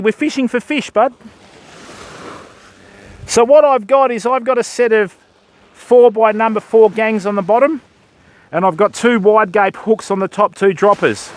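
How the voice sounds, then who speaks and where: An older Australian man hosting a fishing livestream from a beach, chatting casually and greeting viewers as mate and bud while he rigs and casts. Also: high-pitched. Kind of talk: casual live-stream chat while fishing. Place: beach by the surf, outdoors.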